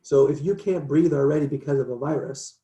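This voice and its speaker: A podcast guest talking in a casual, emphatic way, quick to agree and build on points. The voice sounds roomy, with clear echo from the space around the mic. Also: mid-range voice, mellow, lo-fi sound, slight background noise. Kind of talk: casual chat.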